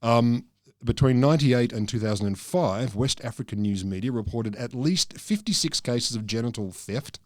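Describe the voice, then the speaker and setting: A middle-aged man co-hosting a casual comedic science podcast, telling a history with dry, deadpan jokes. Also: mid-range voice, normal speed, dry recording. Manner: deadpan, dry jokey storytelling.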